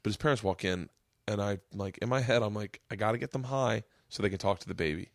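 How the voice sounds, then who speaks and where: A man in his forties hosting a podcast, telling a long story with lively acted-out quotes. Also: fairly low pitch, fast, creaky, dry recording, clean studio sound. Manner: animated storyteller, acts out quotes, gets choked up. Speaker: podcast host. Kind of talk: casual storytelling chat.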